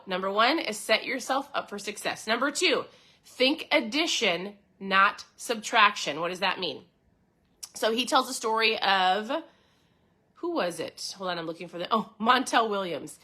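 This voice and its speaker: A woman's voice: fairly high pitch, pushed and bright. A woman hosting a podcast in a casual, enthusiastic talk, speaking straight to her listeners and reading passages from a book. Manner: chatty, enthusiastic, addresses listeners directly. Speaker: podcast host.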